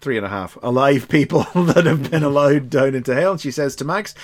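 A man co-hosting a casual podcast, animated, laughing often and acting out characters. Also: medium pitch, a little fast, few pauses. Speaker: podcast co-host. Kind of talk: casual comic chat.

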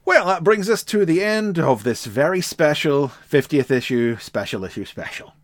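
A man's voice: fairly high pitch, lively intonation, moderate pace, no room sound, clean studio sound. A man co-hosting a casual podcast, reading out letters with wry amusement. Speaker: podcast co-host.

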